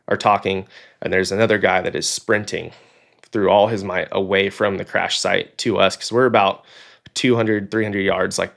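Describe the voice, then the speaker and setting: A young man from Oklahoma tells his story in a casual podcast interview. His voice sits very low, with a gravelly edge. He acts out the people he quotes, and "like" and "um" run all through his talk. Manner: animated storyteller, acts out quoted dialogue, frequent "like" and "um". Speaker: podcast guest, fighter pilot.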